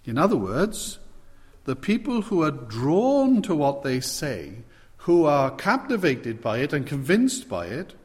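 A man's voice: on the high side, huge pitch swings, a little slow, a little mellow. A man preaching an expository sermon, stressing key words with sudden swells in volume. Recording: long hall reverb.

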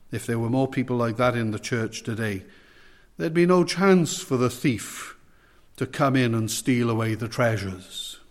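Slow, earnest male preacher in a reverberant hall. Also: mid-range voice. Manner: earnest, questioning the listeners directly. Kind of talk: evening sermon.

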